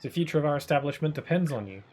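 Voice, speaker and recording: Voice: mid-range voice, lively intonation, rapid-fire, darkish tone, close to an everyday voice. A streamer playing a fussy mock-French Toad maître d'. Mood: dramatic pleading. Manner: dramatic, pleading, mock-French.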